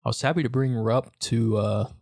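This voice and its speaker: A man co-hosting a casual podcast chat about local legends, telling stories in a relaxed, joking way. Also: medium pitch, normal speed. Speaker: podcast co-host.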